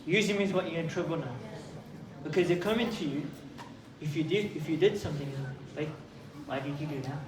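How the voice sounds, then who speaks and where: Guy teaching kids at a youth night, lively, keeps asking them stuff, roomy hall, mic far off, crowd noise. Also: a little high, a little fast. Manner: animated, questions and calls out to listeners. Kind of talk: lively talk to a youth group. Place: community hall with young audience.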